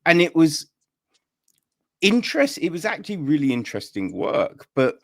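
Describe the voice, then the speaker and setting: A man hosting an interview, chatty and animated, laughing easily as he asks questions. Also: a little high, moderate pace, no room sound, studio quality. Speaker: podcast interviewer. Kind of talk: casual interview chat.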